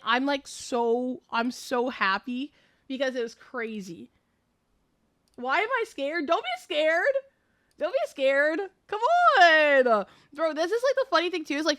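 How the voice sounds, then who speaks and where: Bright, excitable young woman streamer. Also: a little high, no room sound, clean studio sound. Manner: fast, excitable storytelling with lots of fillers. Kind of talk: casual live stream chat.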